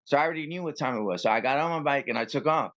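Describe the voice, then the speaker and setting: A man tells his story in a loose, animated way and slips into the other side's lines as he goes. His voice sits in a middle range. The audio is dull and lo-fi. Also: medium pitch, very fast. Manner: animated, acts out both sides of arguments. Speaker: copwatcher guest. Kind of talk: casual storytelling interview.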